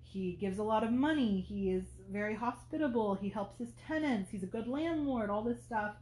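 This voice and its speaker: A woman's voice: fairly high pitch, animated, moderate pace, a little mellow, reverberant. A woman hosting a podcast, talking through a classic novel in casual commentary, thinking aloud with many fillers. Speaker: podcast host.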